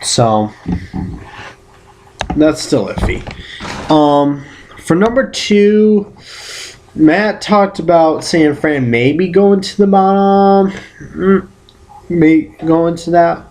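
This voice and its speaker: Man, casual vlog, unhurried delivery, rambling, self-correcting, playful outbursts. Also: a little high, darkish tone, slight background noise. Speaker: vlogger giving football predictions.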